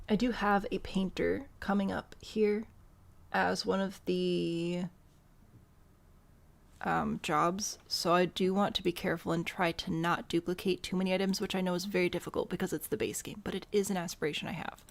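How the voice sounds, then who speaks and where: This young woman's voice is medium-pitched and creaky as she rambles casually over her gameplay, thinking aloud with self-deprecating humor.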